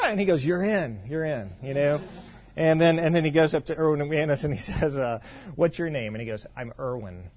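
A man's voice: medium pitch, dull audio. A man from western Kentucky preaching a sermon in a conversational, storytelling way, with frequent asides and repeated words. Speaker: pastor.

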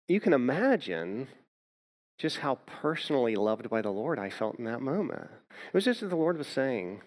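A man's voice: medium pitch, very animated, normal speed. A man pastor preaching a sermon, telling a personal story and often repeating words as he starts a thought.

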